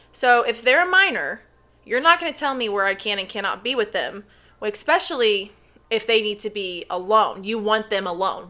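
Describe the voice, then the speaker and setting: Young woman reacting, blunt and sarcastic, bright voice. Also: mid-range voice. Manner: blunt, animated, sarcastic asides. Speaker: reaction video host, former gymnast. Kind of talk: casual reaction commentary.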